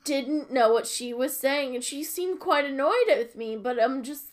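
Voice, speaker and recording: A woman interviewer speaks casually with a somewhat high voice at a very slow, unhurried pace. She hesitates often and fills pauses as she asks her questions. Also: animated.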